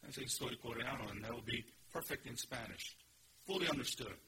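A man preaches an earnest teaching sermon, leaning hard on key words and posing rhetorical questions. His voice is bright and pointed at an ordinary pitch, with a faint hiss of noise underneath. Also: lively intonation, a little fast, vocal fry, low-quality recording. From Korea. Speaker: pastor. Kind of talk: expository sermon.

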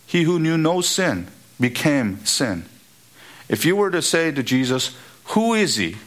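A man preaching an expository sermon, emphatic and building to high, repeated exhortations. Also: big pitch swings, measured pace.

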